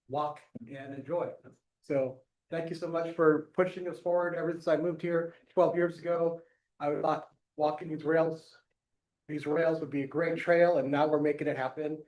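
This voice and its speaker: A man's voice: a little high, darkish tone, reverberant, low-quality recording. A man speaking as a council member, moving a resolution and praising a city project earnestly. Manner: earnest and enthusiastic. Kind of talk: comments at a council meeting.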